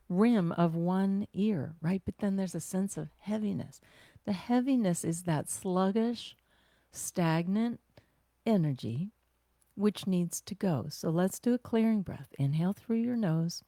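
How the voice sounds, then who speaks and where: Woman self-care teacher, gentle guided-breathing delivery, unhurried, dry close sound. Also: medium pitch, no echo. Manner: gentle, conversational, with sighs and exhales.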